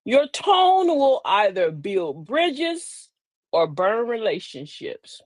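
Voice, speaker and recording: A woman's voice: mid-range voice, very animated, takes it slowly, darkish tone, dry recording. A woman hosting a live online talk show in a folksy, preachy way, calling her listeners beloved and laughing often. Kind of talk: live-stream talk with viewer shout-outs.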